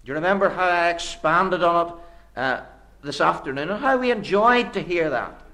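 A man preaching a sermon in an earnest, rhetorical way, building with repeated phrases and swinging between hushed low phrases and sudden emphatic rises. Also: animated, moderate pace.

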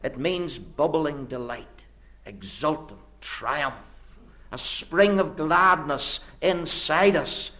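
Preaching slowly and expressively, this man uses repetition to build his earnest, rhetorical sermon. He drops into hushed low phrases, then abruptly surges with emphasis.

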